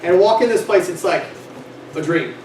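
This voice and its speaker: A young man, a sales company vice president, telling a lively story and acting out dialogue in a motivational speech to his team. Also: sits high, normal speed. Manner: animated storytelling, acts out dialogue, laughs often. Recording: echoey room, distant mic, noisy.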